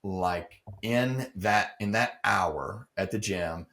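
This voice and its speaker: A man's voice: on the low side, slow, fairly bright tone. A middle-aged man earnestly telling a personal story as a podcast guest, acting out the dialogue he quotes.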